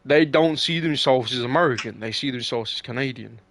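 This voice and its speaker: A man's voice: mid-range voice, a little fast, a bit bright, no room sound. A young man hosting a casual chat, rambling and swearing, with lots of fillers and restarts.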